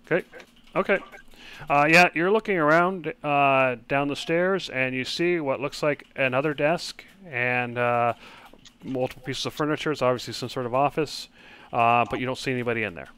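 A man's voice: medium pitch, normal speed, bright, forceful tone, clear, resonant tone. A man narrating a tabletop game as game master, hesitant and full of fillers, over online voice chat.

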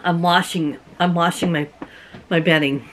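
Fairly low-pitched and fairly even in intonation, this middle-aged Canadian vlogger talks at normal speed from her rural home, with slight background noise. She tells her viewers stories and laughs often.

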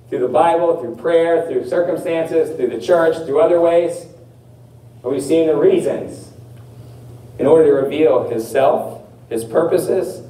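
A man's voice: medium pitch, warm tone, far from the mic. Earnest male pastor preaching in a roomy hall. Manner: earnest, repeats phrases for emphasis, slows on key words. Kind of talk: sermon.

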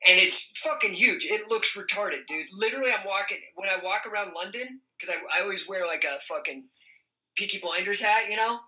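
Profane, animated man in a roomy room. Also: high voice, fairly quick. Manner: profane, animated, laughs often. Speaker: podcast guest. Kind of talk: casual storytelling. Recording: roomy echo.

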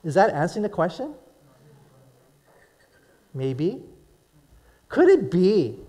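High-voiced man preaching to a crowd. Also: big pitch swings, takes it slowly, warm tone. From Hawaii. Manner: conversational preaching, asks the audience questions. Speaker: pastor. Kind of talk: sermon.

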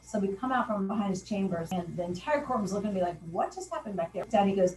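A woman's voice: mid-range voice, animated, fast, hardly any pauses, darkish tone, recorded from a distance. A woman in her fifties tells her own story plainly, a professor who acts out the lines she quotes. She sits some way from the mic. The room is echoey, with a faint hum of background noise. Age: 50s. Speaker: sociology professor. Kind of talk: personal testimony.

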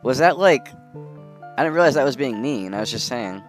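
A relaxed man of middle pitch talks through a game he is playing. He muses out loud and reacts as things happen. The tone stays easy and chatty. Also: normal speed, faint music behind. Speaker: gaming video host. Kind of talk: casual gameplay commentary.

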